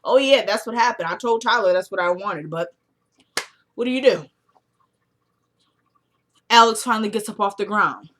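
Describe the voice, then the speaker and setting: A woman reviewer gives a casual, lively recap of a TV episode, narrating in colloquial speech and acting out what the characters say. Her pitch is medium and her pace moderate, with long pauses.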